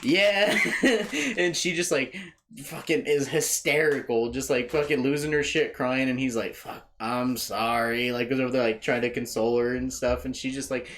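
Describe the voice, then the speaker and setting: A man's voice: medium pitch, moderate pace. A man hosting a podcast, telling a rambling, profane story in casual chat. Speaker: podcast host.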